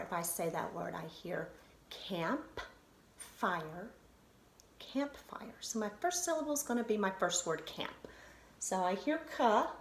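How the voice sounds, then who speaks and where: Woman, elementary teacher, slow deliberate phonics delivery, animated intonation, roomy recording with faint hiss. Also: medium pitch. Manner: slow, sounding out syllables and letters. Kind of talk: phonics lesson to children on video. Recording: roomy echo, faint noise.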